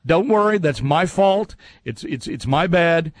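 A man's voice: fairly high pitch, animated, dry recording. A man hosting a fill-in-the-blank quiz on a talk show, teasing and laughing with the panel. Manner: playful, teasing, quick to laugh. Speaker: quiz host. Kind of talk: casual radio banter.

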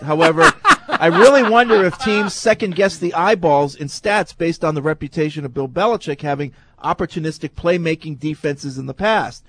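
A man's voice: fairly high pitch, fairly bright tone. A man hosting a casual sports talk show, reading listener emails aloud and steering the talk.

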